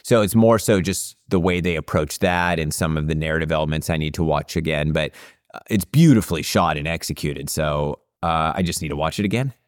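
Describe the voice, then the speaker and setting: A man's voice: extremely low pitch, fairly quick, no room sound, clean studio sound. A man in his late thirties hosting a casual film-review podcast, talking in an easygoing, hesitant way with many fillers. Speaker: podcast host.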